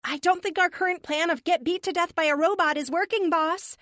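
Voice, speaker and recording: A sarcastic young male hero pipes up high and loud, played by a woman narrator, quick with a wisecrack. The voice is close and dry. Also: dry recording. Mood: cheeky. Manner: quick, cheeky.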